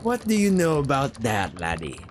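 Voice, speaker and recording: A man voicing a gruff, impatient male sailor who barks orders in a brusque, slangy way. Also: medium pitch, huge pitch swings, normal speed, a little hiss or hum.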